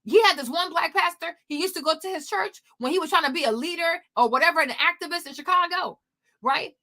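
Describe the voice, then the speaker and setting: High bright-voiced emphatic woman commentator. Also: a little fast. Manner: emphatic, repetitive, rhetorical questions. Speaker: commentary vlogger. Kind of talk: opinionated political commentary. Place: home.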